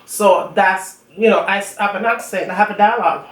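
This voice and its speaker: Her voice is mid-range and a little fast as this strongly accented Jamaican woman chats between bites while eating for her cooking channel's viewers. The sound is echoey and roomy, with the mic at a distance and faint room noise.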